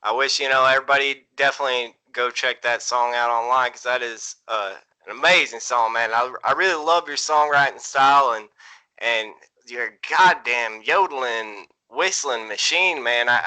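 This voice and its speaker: A man's voice: mid-range voice, normal speed, pushed and bright, low-quality recording. A man hosting a casual interview, laid-back and loose, swearing casually as he talks. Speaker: interview host.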